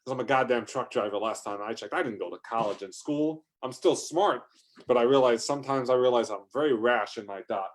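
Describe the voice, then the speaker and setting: A man's voice: medium pitch, brisk. Rambling, profane male comic storyteller. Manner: rambling and profane, with sudden exaggerated outbursts. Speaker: comedic storyteller.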